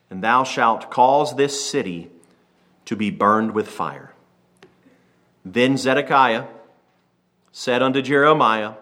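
A man preaching a sermon, reading scripture slowly and then retelling it in lively everyday speech, acting out the characters. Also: mid-range voice. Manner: switches from slow King James reading to lively paraphrase.

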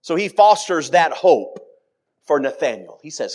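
A middle-aged man delivers a sermon in a voice pitched well above most men's. His delivery leaps up and down, acting out scripture quotes with dramatic swings in pitch and loudness. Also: very animated, a little slow. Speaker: preacher.

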